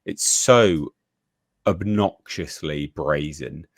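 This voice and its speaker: A man co-hosting casual political commentary, emphatic and deliberate, repeating points for effect. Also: a bass voice, dry recording, clean studio sound.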